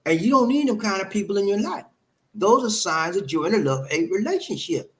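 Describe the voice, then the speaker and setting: A man's voice: high-pitched, lively intonation, a little fast. A man giving relationship advice to camera in a preachy, emphatic way, full of rhetorical questions and repetition. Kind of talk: talking to camera, advice monologue.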